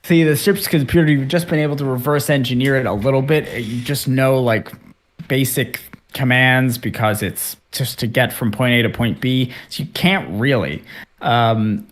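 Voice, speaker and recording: A man's voice: mid-range voice, moderate pace. A man running a tabletop game as game master, narrating loosely with many fillers and restarts.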